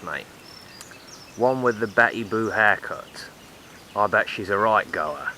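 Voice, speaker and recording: A man's voice: on the low side, pushed and bright, a little hiss or hum. A man voicing a crude, boastful male builder who talks leeringly about women on his lunch break. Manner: leering, boastful, mate-peppered banter.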